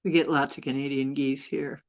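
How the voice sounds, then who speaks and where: A woman's voice: a bass voice, flat delivery, moderate pace, highs cut off. A woman hosting a casual live chat with viewers, rambling and chuckling as she teases them. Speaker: host.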